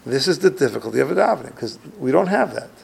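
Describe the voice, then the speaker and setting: Male rabbi teaching a class; gravelly, lively delivery, reads and translates texts. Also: mid-range voice, fast talker. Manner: reads Hebrew lines and translates each; thinks aloud with restarts. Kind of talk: religious lecture with text reading.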